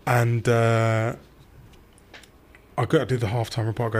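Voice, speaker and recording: A man's voice: fairly low pitch, moderate pace. Young man, football reporter, chatty storyteller who acts out each quote. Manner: animated anecdotes, acts out quotes. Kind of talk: casual storytelling chat.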